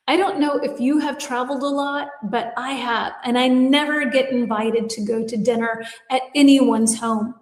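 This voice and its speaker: A woman's voice: a little high, a little slow, a little mellow. American woman teaching in an echoey room. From United States. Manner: chatty, reads comments aloud and reacts. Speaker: English teacher. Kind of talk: live-stream lesson reading viewer comments. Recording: echoey room with long reverb.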